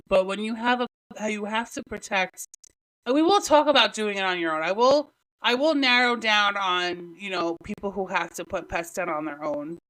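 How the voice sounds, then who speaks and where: A woman hosting a podcast, talking alone in a halting, emotional way with many restarts, close to tears. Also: mid-range voice, fairly bright tone, poor audio. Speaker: podcast host. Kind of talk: solo podcast talk.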